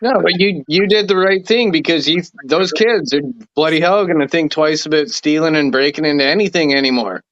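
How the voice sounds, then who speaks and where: A man's voice: on the high side, fairly quick, few pauses, a bit bright, no room sound. A man in casual podcast chat, swearing offhandedly as he makes his point. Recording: dull, muffled mic.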